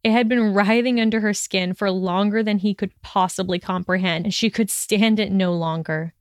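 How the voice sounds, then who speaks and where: A woman reads a story aloud with steady, expressive narration. Her voice is smooth and clear, recorded dry and close with no room sound. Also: medium pitch, moderate pace, no room sound. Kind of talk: reading fan fiction aloud.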